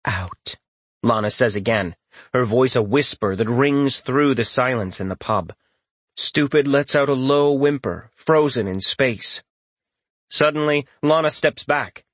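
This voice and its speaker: A man's voice: mid-range voice, unhurried, no room sound. Male audiobook narrator, dry close sound. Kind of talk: first-person fantasy narration.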